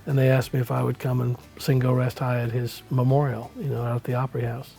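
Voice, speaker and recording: An older man, telling stories in a relaxed, folksy way as an interview guest. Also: medium pitch, quick pace, gravelly, soft background music. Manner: relaxed storyteller, folksy with many "you know"s. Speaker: country musician, interview guest. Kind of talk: storytelling in a casual interview.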